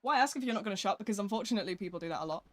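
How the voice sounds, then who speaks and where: A woman's voice: medium pitch, animated, racing, fairly bright tone. A young woman with a British accent chatting casually on a live game stream, rambling and self-deprecating as she reads her chat aloud from a home desk mic.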